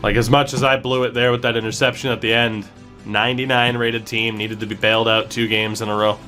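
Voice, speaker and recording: A man's voice: lowish voice, flat delivery, a little fast, pushed and bright, soft background music. A man commenting on his own video game play, ranting and cursing at himself after mistakes. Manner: frustrated, swearing, self-blaming rants. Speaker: gaming streamer. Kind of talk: live gameplay commentary.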